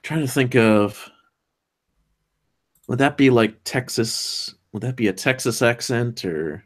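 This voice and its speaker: A man's voice: medium pitch, takes it slowly. A man chatting casually on a stream, hesitant and full of restarts. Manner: hesitant, many ums and restarts. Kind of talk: casual chat.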